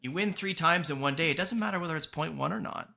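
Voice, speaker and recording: A man's voice: on the high side, fast, gravelly, sharp tone. A man hosting a podcast, giving earnest, emphatic motivational advice in a casual tone and swearing now and then. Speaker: podcast host and coach.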